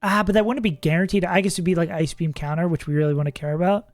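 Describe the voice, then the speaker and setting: Casual streamer rambling thru strats, middle pitch, dry close mic, bit of music behind. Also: steady tone, fast, no room sound. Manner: chatty, thinks aloud, laughs often. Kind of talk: casual livestream commentary.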